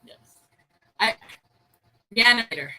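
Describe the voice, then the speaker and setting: A woman co-hosts a casual chat over a video call, her fairly high voice animated and unhurried, with background noise present. She tells stories and laughs easily throughout.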